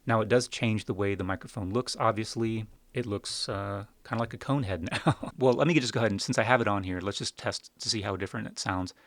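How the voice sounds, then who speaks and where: A man's voice: fairly low pitch, fairly quick, few pauses, no room sound. A man reviewing podcast microphones in a casual, wry, step-by-step demonstration, speaking close into a studio dynamic mic at a home setup. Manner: relaxed, wry, explains step by step.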